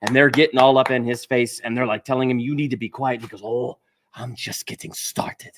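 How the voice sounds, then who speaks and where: A man co-hosting a livestream, enthusiastic and quick with trivia. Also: mid-range voice, fairly even intonation. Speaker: livestream co-host. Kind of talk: casual livestream chat.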